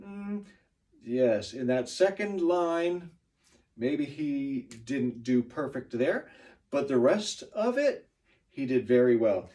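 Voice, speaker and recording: A man's voice: mid-range voice, lively intonation, slow, dark tone, far from the mic. A man teaching a class, praising students by name and giving pronunciation feedback.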